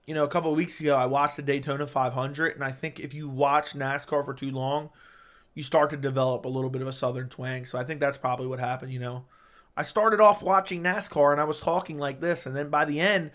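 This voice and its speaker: A man hosting a casual livestream, reading viewer questions out loud and answering them in a chatty, joking way. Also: fairly high pitch. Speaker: livestream host.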